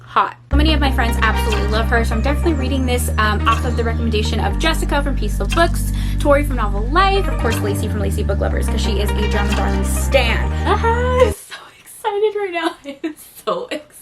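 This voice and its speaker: Gushing, excitable young woman book vlogger. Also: fairly high pitch, quick pace, few pauses, over loud music. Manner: gushing, excitable, swears casually. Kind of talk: casual reading vlog chat.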